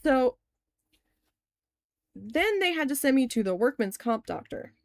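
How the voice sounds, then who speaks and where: Young woman, casual storytelling, candid, swears a lot, higher voice, dry sound. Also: very animated, unhurried, dry recording. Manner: candid, swears freely, heavy use of "like". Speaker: crafting vlogger telling a story. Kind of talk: casual storytelling while crafting.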